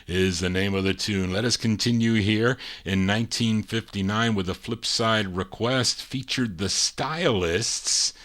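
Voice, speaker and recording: A man's voice: medium pitch, fairly bright tone. A man hosting a live record show, chatting through listener requests and record details with small stumbles. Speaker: radio-style show host and DJ.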